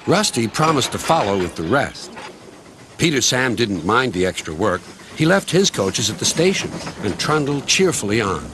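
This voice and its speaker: A man narrating a children's storybook in a measured, gently expressive way, with noise behind. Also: medium pitch.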